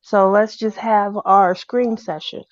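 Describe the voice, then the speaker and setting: A woman telling a personal story in a casual, animated way. She acts out the people she quotes in a loud voice. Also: medium pitch, takes it slowly, dry recording. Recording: dull, dry lo-fi recording.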